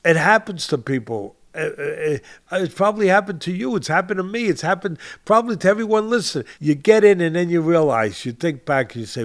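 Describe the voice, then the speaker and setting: A man's voice: on the high side, lively intonation, fairly quick, hardly any pauses. An older man hosting a boxing podcast, talking with passion and stressing his points by repeating phrases. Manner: emphatic, repeats phrases for stress, addresses co-host by name. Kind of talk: impassioned podcast commentary.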